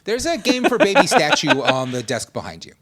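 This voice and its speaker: A man co-hosting a casual gaming podcast, teasing the others with quick wisecracks. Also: a little high, wildly swooping pitch, a bit bright. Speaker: podcast co-host.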